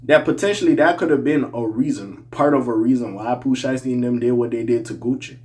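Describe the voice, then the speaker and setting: A young man giving casual hip-hop opinion commentary, animated, jumping between loud outbursts and mumbled asides, with a slight accent. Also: mid-range voice, brisk. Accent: slight regional accent.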